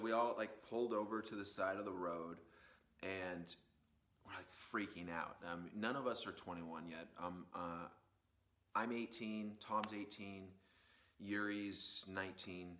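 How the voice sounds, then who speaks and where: Podcast host, male, slightly low register; loose, rambling storyteller with plenty of "um" and "like". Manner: animated, rambling anecdote with many fillers and asides. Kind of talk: casual storytelling.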